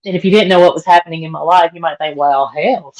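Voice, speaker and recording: A woman hosts a casual livestream from home while cleaning, chatting with viewers, answering their comments and laughing often, her voice worn from being sick. It's on the low side and darkish, with fairly even intonation and a racing pace. The recording is low quality.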